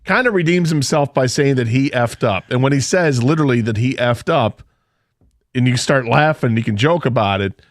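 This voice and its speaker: A man's voice: medium pitch, normal speed. A man co-hosting a radio show, retelling a story with emphatic quoted asides. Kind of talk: casual sports radio chat. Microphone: studio microphone.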